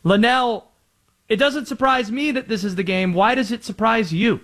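A man's voice: very high-pitched, normal speed, fairly bright tone. A man hosting a sports talk show, laying out the schedule news and pushing back confidently in debate.

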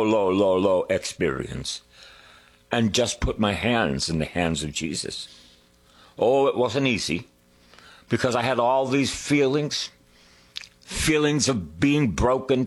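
A man preaches in a slow, husky voice that rises and falls widely. He leans hard on key words, breaks into sung hymn lines and then sinks to a hushed whisper. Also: on the low side. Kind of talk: sermon.

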